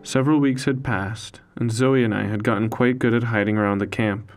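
A man narrating a story in the first person, in a slow, solemn, hushed way. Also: fairly low pitch, steady tone. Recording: faint music underneath.

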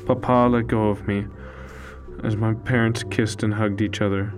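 A man narrating a story in the first person, in a slow, solemn, hushed way. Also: lowish voice, little pitch movement. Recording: faint music underneath.

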